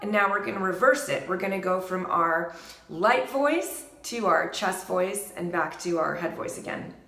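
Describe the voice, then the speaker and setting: A woman vocal coach calmly explaining singing exercises during a lesson, speaking in measured steps between demonstrations. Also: lowish voice, vocal fry, roomy sound.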